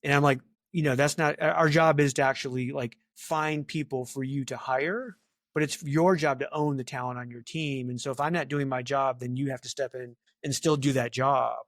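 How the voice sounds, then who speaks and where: A middle-aged man speaking as a guest in a casual interview, chatty and animated, full of fillers and asides. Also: medium pitch, moderate pace, no room sound, clean studio sound. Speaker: talent acquisition leader, guest.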